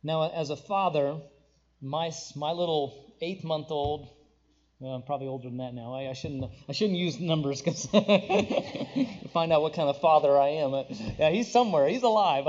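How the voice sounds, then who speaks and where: High-voiced preacher, soaring then hushed. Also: male voice. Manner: swings from soaring emphatic declarations to hushed tender passages. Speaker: pastor. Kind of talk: sermon. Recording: dull lo-fi recording.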